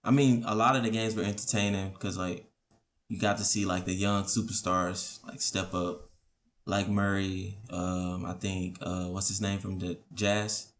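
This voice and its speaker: A man on a podcast, chatting about sports in a relaxed, hesitant way. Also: deep voice, a little slow. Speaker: podcast co-host. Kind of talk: casual sports chat.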